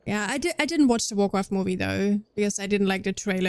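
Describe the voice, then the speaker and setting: Chatting loosely with her livestream audience while gaming, this young German streamer has a faint Scandinavian hint in her accent and tends to ramble and begin sentences over. She speaks quickly in a mid-range voice, and there's no room sound.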